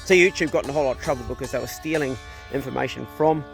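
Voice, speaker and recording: A man's voice: mid-range voice, racing, creaky, faint music behind. A middle-aged man chatting casually outdoors on a farm, talking to his dogs and laughing at himself. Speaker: farm vlogger. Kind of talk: casual vlog chat.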